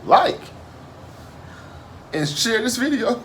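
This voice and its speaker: A man's voice: extremely high pitch, big pitch swings, slow pace, fairly bright tone, slight background noise. A man hosting a reaction video in casual, slangy commentary, laughing often. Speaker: reaction channel host.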